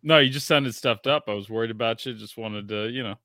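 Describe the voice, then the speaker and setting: A man in his thirties hosting a casual sports podcast, telling stories excitedly and swearing freely. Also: medium pitch, fairly quick, dry recording, studio quality. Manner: excitable, profane storytelling. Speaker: podcast host.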